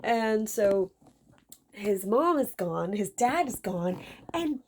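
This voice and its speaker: A woman's voice: mid-range voice, very animated, takes it slowly, a little mellow, slight background noise. A woman telling a character's backstory in a casual, rambling chat. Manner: rambling, lots of fillers and restarts. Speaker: video creator discussing a character.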